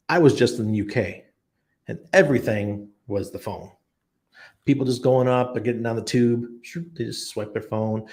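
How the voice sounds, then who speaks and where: A middle-aged man hosting a livestream, answering viewer questions with blunt, animated opinions and stories. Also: on the low side. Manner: animated storytelling, blunt and emphatic. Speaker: crypto channel host.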